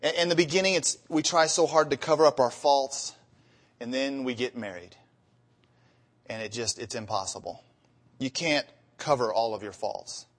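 A pastor delivers a sermon on marriage to his congregation at a moderate pace, his voice sitting at an ordinary middle pitch. He shares humorous stories of married life, acting out the couples' dialogue, before reading scripture with rising emphasis.

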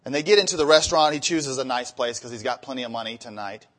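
Speaking quickly in a fairly bright, middle-pitched voice, a man preaches to his church about marriage. His sermon opens with funny anecdotes in which he plays out marital exchanges, then moves into scripture read with mounting emphasis.

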